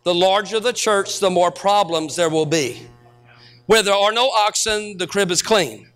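High, bright-voiced storytelling preacher man. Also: measured pace, clean tone, soft background music. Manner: storytelling preacher, rising to shouted peaks. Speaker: pastor. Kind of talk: sermon.

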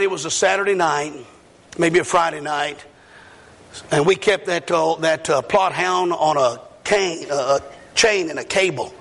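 A man's voice: a little high, moderate pace, vocal fry, a bit bright. A middle-aged male evangelist telling a story in a sermon, drawling and folksy with plenty of fillers. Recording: hall reverb, faint noise.

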